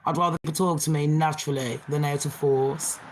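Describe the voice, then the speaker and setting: A Jamaican woman speaks briskly in a deep voice with fairly even intonation, against a noisy background. Her accent is Birmingham English with a Jamaican touch. Hosting a casual livestream, she reads chat aloud, answers comments, and laughs often.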